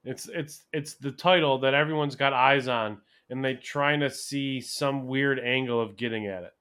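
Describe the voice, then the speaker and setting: A man co-hosting a casual wrestling podcast, talking in a relaxed way and explaining with everyday comparisons. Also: medium pitch, moderate pace, clean tone. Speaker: podcast co-host.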